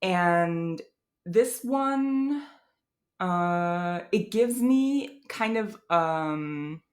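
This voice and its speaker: A woman's voice: lowish voice, animated, very slow. A woman from Wisconsin with a Midwestern American accent, giving a casual pronunciation lesson, thinking aloud with fillers and demonstrating sounds. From Wisconsin, USA. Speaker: language teacher.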